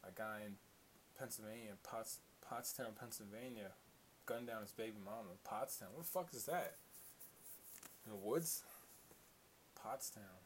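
A man's voice: lowish voice, normal speed, long pauses. A man hosting a casual solo commentary show, profane, rambling and opinionated. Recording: faint hiss.

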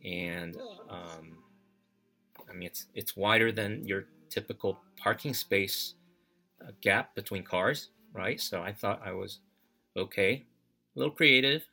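A man telling a personal story as podcast host, reflective and halting, with many fillers and restarts. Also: on the low side, bright, forceful tone, faint music behind.

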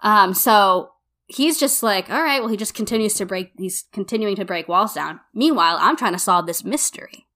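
A young woman with a bright, clear voice co-hosts a casual podcast. She tells stories with animated energy, acts out what people said, and fills her talk with "like.". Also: medium pitch, moderate pace. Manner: animated storyteller, acts out quotes, says "like" a lot. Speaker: podcast co-host. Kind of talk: casual chat.

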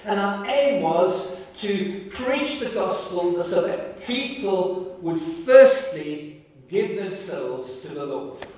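A man preaching a sermon as pastor, telling stories in a warm, emotional way with halting restarts and repeated words. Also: sits high, expressive. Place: large church hall. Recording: echoey hall, voice from far off.

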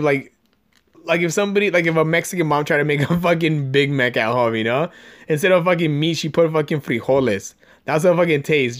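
Rambling, profane young man storyteller. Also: on the high side. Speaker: podcast host. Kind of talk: casual chat. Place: Los Angeles area podcast room.

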